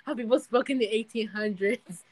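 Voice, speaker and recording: A woman's voice: fairly high pitch, moderate pace, darkish tone, poor audio. A woman co-hosting a casual chat, giggling often and rambling as she loses her thread. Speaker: podcast co-host.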